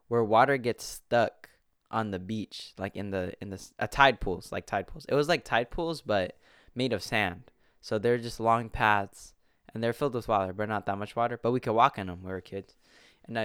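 Young man, casual rambling chat, frequent swearing, low smooth voice, dry close mic. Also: dry recording. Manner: rambling, swears a lot, excitable outbursts. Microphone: close desk mic.

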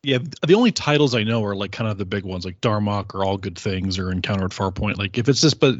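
A man's voice: on the low side, fast, no room sound. A man hosting a casual podcast chat, rambling and correcting himself and laughing often. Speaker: podcast host. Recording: slightly muffled dry podcast audio.

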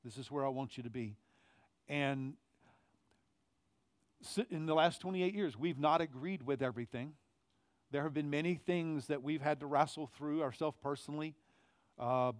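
A middle-aged male pastor preaching a conversational sermon in church, growing loud on key phrases. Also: a little high, steady tone, moderate pace, smooth, no room sound. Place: church sanctuary.

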